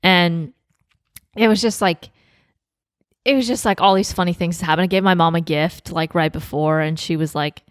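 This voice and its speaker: A woman's voice: on the low side, moderate pace, smooth, no echo, studio quality. A young woman co-hosting a podcast, chatting casually with lots of fillers, swearing and laughter. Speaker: podcast co-host. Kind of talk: casual chat.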